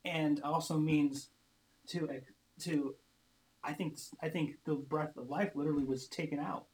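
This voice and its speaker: A man's voice: a little high, fairly even intonation, a little slow, darkish tone, roomy sound, low-quality recording. A man joining a Bible study discussion, thinking aloud with hesitant restarts. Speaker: study participant. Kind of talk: casual discussion.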